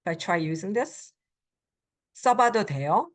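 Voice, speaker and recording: Teaching Korean in a recorded lecture, a middle-aged woman uses a medium-pitched voice with lively intonation. She's patient and says um frequently, trading slow English for quick example phrases and back.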